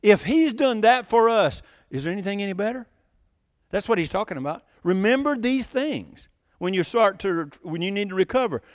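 A man's voice: high-pitched, animated, moderate pace, no room sound, studio quality. A man preaching a sermon in a conversational way, often laughing and putting questions to the congregation. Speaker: pastor.

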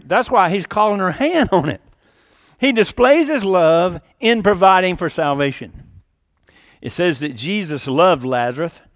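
A man preaching a sermon, lively and animated, acting out quoted lines with sudden rises and drops in his voice. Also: fairly high pitch, dry recording, studio quality. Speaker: pastor.

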